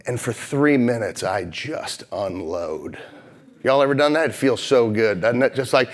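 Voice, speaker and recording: A man in his thirties from St. Louis, delivering a motivational keynote on stage and telling stories with swings from heated and loud to hushed and slow. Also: medium pitch, expressive. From St. Louis, Missouri. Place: conference stage before a live audience.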